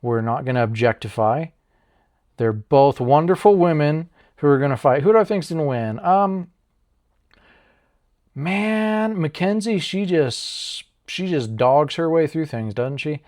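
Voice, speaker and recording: A fairly high-voiced American man hosts a loose, chatty MMA breakdown. He rambles, swears freely and cracks jokes at his own expense. The delivery is casual and off the cuff. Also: lively intonation, a little slow, a little mellow. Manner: rambling, profane, jokey, laughs at himself. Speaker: MMA channel host. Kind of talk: casual fight breakdown vlog.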